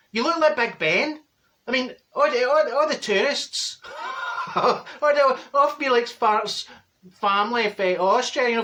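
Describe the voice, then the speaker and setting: A man's voice: high-pitched, bright, forceful tone. A man doing a blunt Glaswegian auntie. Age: middle-aged. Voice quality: chatty, blunt, gossipy storytelling. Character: straight-talking middle-aged Glasgow woman, gossipy and blunt. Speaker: comedy character monologue. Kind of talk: comic monologue.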